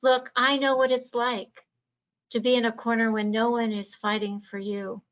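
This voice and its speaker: Her fairly high voice has a flat delivery at normal speed as this Virginia political candidate gives an emphatic, passionate stump speech at a forum. The audio is dull and lo-fi.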